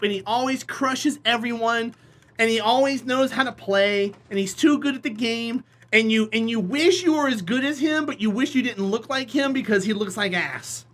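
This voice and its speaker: A live streamer telling rambling, animated stories in a casual chat with viewers, often slipping into acted voices. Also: mid-range voice.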